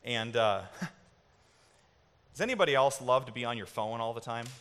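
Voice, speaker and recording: A man's voice: medium pitch, lively intonation, a little slow, smooth. A man in his thirties preaching a sermon as a pastor, conversational at first and rising to impassioned exhortation, in a church sanctuary. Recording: reverberant hall with soft music.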